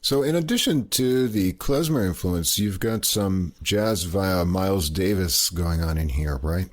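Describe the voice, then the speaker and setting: A man's voice: low voice, measured pace. A man hosting a music podcast, interviewing band members in a casual, friendly way. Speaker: podcast host.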